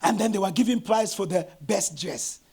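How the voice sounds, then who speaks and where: A middle-aged man, a pastor, preaching a sermon with animated storytelling and bursts of shouting. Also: sits high, normal speed, gravelly, husky.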